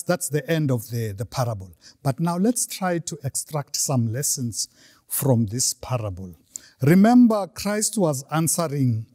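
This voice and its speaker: Lively, warm-toned male preacher. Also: fairly high pitch, no echo, clean studio sound. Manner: animated storytelling with frequent restarts. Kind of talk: sermon retelling a parable.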